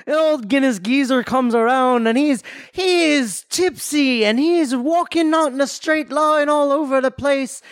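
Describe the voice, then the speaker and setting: High-pitched, put-on Irish accent, boastful old superhero, rambling, close dry mic, man doing a voice. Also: unhurried, hardly any pauses, no room sound. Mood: blustery. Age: older. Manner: blustery, rambling improv.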